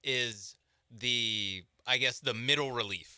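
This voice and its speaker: A man on a sports radio show, casually explaining his view of a baseball team in a measured way. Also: medium pitch, sharp tone, clear, resonant tone, no echo, clean studio sound.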